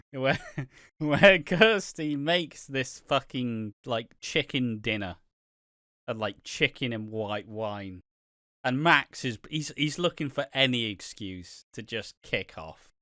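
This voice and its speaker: A man's voice: animated, measured pace, no room sound, studio quality. A British man co-hosting a podcast, recapping a soap opera in casual chat, swearing a lot and acting out the characters' lines. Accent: British English. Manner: swears constantly, acts out characters' lines with big swings of pitch and loudness. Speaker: podcast co-host.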